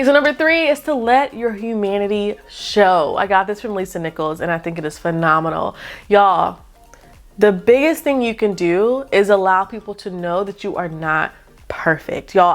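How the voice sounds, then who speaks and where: A woman giving casual tips straight to camera in her room, chatty, upbeat and animated, calling her viewers y'all. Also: medium pitch. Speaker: YouTube coach.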